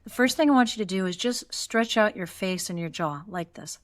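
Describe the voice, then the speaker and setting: A woman voice teacher talks a class through a guided vocal exercise in a calm, encouraging tone. She shows each step with sighs and yawns and walks the listener along. Her voice sits at an ordinary middle pitch for a woman. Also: brisk.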